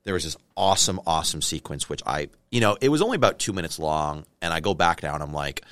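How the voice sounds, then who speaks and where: Deep dry-voiced man, film director guest, chatty, acts out the anecdotes. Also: fast talker, no room sound. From Canada. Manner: animated storyteller, acts out quotes. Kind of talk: casual interview chat.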